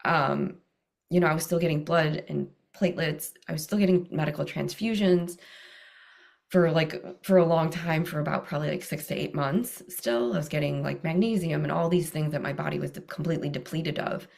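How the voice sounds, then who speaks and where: Woman in her 30s, low voice w lots of fry, chatty and animated, laughs a lot, voice jumps way up when quoting. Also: brisk. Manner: animated, laughing often, swings high when quoting others. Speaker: guest. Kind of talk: casual interview storytelling.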